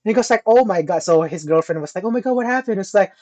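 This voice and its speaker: A man casually telling a story on a podcast, animated and swearing often, acting out the people he quotes. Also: high-pitched, fast talker, few pauses. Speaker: podcast co-host.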